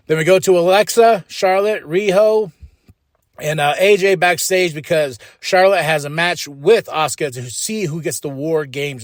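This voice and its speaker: A man hosting a podcast, casually recapping a wrestling show with animated paraphrased quotes. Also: a little high, no room sound. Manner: animated, paraphrases wrestlers in quick put-on voices, chuckles. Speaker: podcast host.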